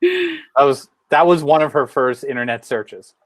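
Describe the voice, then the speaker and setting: A man's voice: on the high side, a little slow, a little hiss or hum. A man co-hosting a podcast, chatting animatedly and acting out little quotes. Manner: animated, self-deprecating, acts out quotes. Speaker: podcast co-host. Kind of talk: casual podcast chat.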